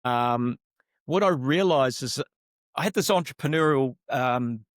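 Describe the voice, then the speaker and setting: A middle-aged man with a New Zealand accent, a relaxed, self-deprecating interview guest who laughs easily. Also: medium pitch, measured pace, dry recording, clean studio sound. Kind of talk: casual interview talk.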